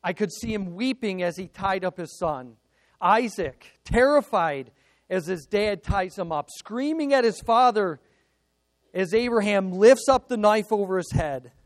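A man delivers a sermon in a notably high voice at a slow, deliberate pace. His storytelling is earnest, swinging from emphatic peaks to quiet confessional passages. The sound is dry and close, with no room echo. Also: lively intonation. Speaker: preacher.

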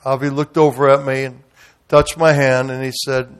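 A man preaching a sermon as guest pastor in a church, telling a story dramatically and swinging from loud outrage to hushed tenderness. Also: mid-range voice, little pitch movement, normal speed, clear, resonant tone.

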